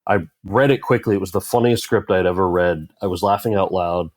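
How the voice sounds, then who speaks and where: Lively low-voiced man telling stories. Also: fairly quick, no echo. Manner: animated, acts out quoted voices with rising pitch. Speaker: actor guest. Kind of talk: conversational interview storytelling.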